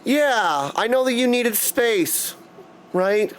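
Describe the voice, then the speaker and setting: A young man with a very high, expressive voice hosts a live game stream, chatting casually at a slow pace. He's effusive, greets viewers by name, and keeps saying "my dude." There's slight background noise.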